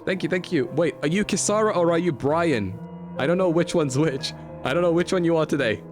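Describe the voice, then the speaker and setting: A man streaming a video game, chatty and playful, laughing often as he talks to his chat. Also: a little high. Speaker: livestreamer.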